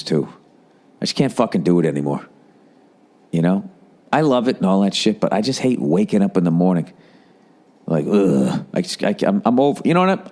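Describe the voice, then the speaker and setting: A middle-aged man hosting a podcast, telling a rambling, profane story and nursing a lingering cough. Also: deep voice. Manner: profane, rambling, animated impressions. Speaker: podcast host. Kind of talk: casual storytelling monologue.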